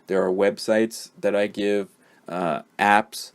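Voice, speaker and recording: A man's voice: on the low side, fairly even intonation, slow. A man teaching English pronunciation, explaining step by step in a patient way with frequent "um" and "uh". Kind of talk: pronunciation lesson.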